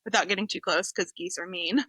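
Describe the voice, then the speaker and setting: Bright woman telling a story. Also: on the low side, fairly quick, husky, dry recording. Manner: expressive storyteller, laughs easily. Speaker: guest, journalist. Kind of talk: casual podcast chat.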